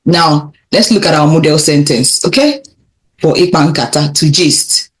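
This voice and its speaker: Slow, encouraging woman teacher. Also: sits low. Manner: repeats phrases slowly, encouraging, laughs lightly. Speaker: children's language teacher. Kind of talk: slow, clear vocabulary lesson for kids.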